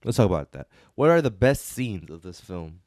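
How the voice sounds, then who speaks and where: A man's voice: deep voice, very animated, moderate pace, a little mellow, no echo, studio quality. A man co-hosting a casual movie review chat, laughing often and restarting his sentences. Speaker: podcast co-host.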